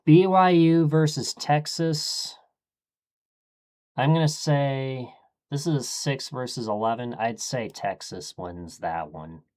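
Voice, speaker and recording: A man streaming, thinking aloud in a casual, low-key way as he murmurs his choices one after another. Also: slow pace, a little mellow.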